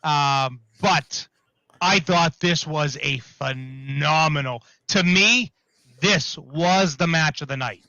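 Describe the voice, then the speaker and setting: Bright-voiced man hosting a wrestling chat. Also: on the high side, slow pace, dry recording, highs cut off. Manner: rambling, self-correcting, leads the discussion. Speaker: podcast host.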